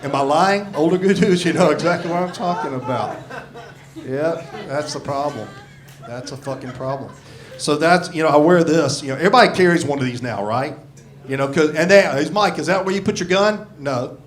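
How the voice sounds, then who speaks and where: Speaking brisk and on the high side, a male comedian in his sixties delivers a foul-mouthed, self-mocking stand-up set from a club stage, handheld mic in hand. The live recording picks up the crowd laughing throughout.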